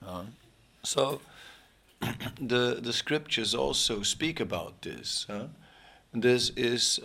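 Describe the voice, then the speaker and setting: Slow, gravelly-voiced male preacher. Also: low voice, bright, forceful tone. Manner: rambling, joking, many fillers and restarts. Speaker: spiritual teacher. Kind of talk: informal sermon.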